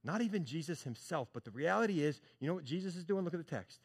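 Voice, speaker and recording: A man preaching a sermon, talking conversationally to his congregation and swinging from hushed moments to loud bursts. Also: on the high side, expressive, fast talker, husky. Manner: conversational, addresses congregation as church and y'all. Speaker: pastor.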